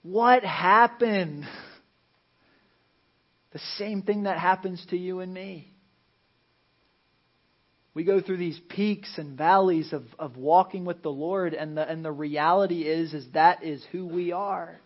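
Pastor, male, slightly high voice, preaching a casual sermon that sinks to near whispers, dull lo-fi sound. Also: slow pace, pauses often. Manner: conversational preaching, dropping to a hush for emphasis; acts out Bible scenes in playful character voices.

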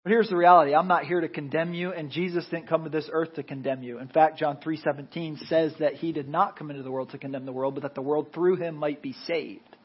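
Husky-voiced American pastor preaching. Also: male voice, a little high, fairly even intonation, fast talker, hardly any pauses, lo-fi sound. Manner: conversational preaching with frequent "right?" tags. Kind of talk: sermon.

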